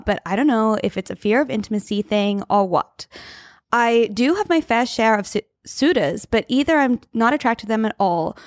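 Lively, higher-voiced playful woman host. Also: dry recording, clean studio sound. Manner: teasing, playful, laughs a lot. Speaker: podcast co-host. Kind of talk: casual chat.

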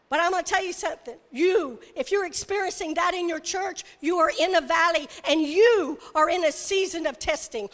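A woman preacher delivering a sermon, emphatic and repetitive, rising to shouts. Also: very high voice. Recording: reverberant hall.

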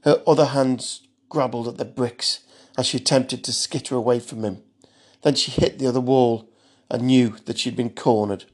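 A man reads a dark thriller aloud in a steady, measured storytelling voice. His pitch sits in a plain middle range. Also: husky. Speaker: narrator. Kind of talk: audiobook narration of a thriller.

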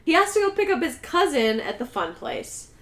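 A woman co-hosting a podcast, telling a movie's plot in a casual, animated way and laughing often. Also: sits high, normal speed, roomy sound. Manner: animated storyteller who laughs a lot. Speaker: podcast co-host.

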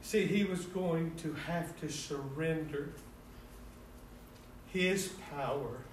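A male preacher delivering a sermon, his voice high for a man and climbing into earnest, pleading fervor as he repeats "amen." He sounds set back from the mic, with heavy room echo around every word and a faint noise floor underneath. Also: slow pace. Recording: echoey distant room sound.

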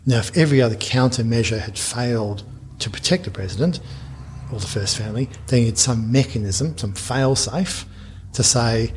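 A man, a business founder telling a long anecdote in a podcast interview, lively and full of restarts. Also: medium pitch, moderate pace, a little hiss or hum. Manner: animated anecdote telling with frequent restarts and laughs.

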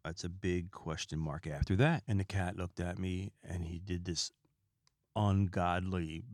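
A podcast host with a fairly low male voice tells stories in a loose, rambling way, stopping often to talk straight to his listeners. The recording is dry and close, with almost no room sound. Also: fairly even intonation, measured pace, darkish tone, no room sound. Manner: rambling, chatty, with asides to listeners. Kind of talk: casual comedic storytelling.

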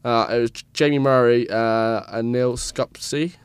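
Bloke on a sports podcast, rambly, trips over names, dry close sound. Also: male voice, medium pitch, fairly even intonation, unhurried, clean tone, dry recording. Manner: rambling, stumbles over names, self-mocking. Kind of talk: casual sports chat.

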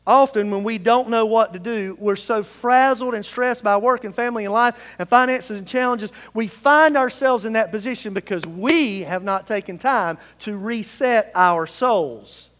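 Speaking at a normal speed with few pauses, a male pastor uses a high-sitting, fairly bright voice. He leads his congregation in reading scripture aloud in call-and-response, and the sanctuary's large-hall reverb lingers long.

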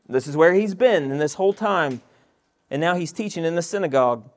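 A man's voice: on the high side, animated, brisk. A male pastor preaching an expository sermon, reading scripture verses aloud and asking the listeners rhetorical questions.

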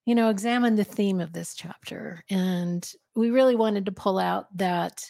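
A woman co-hosting a podcast, reading a novel chapter aloud and then discussing it in a measured, thoughtful way. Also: mid-range voice, gravelly, mellow, no room sound, clean studio sound. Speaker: podcast co-host and reader.

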